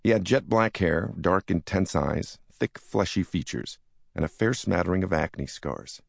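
A man's voice: low voice, lively intonation, unhurried, gravelly, no room sound. Male audiobook narrator, wry first-person memoir read, dry close recording.

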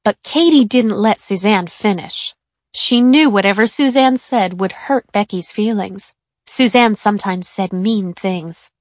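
A woman reading a children's chapter book aloud in a clear, even storytelling manner. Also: mid-range voice, no room sound, studio quality. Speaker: narrator. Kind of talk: scripted children's book narration.

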